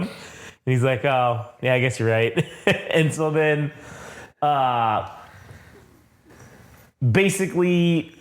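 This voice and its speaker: A man co-hosting a casual show review, recapping the plot in a loose, profane way and acting out quick quotes. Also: on the high side. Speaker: podcast co-host.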